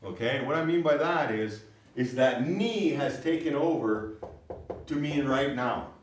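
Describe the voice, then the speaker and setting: A man's voice: mid-range voice, a little slow, slight background noise. A man teaching a language class, explaining patiently and often checking that his students follow. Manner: lively, explains patiently with frequent checks for understanding. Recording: echoey room, recorded from far off.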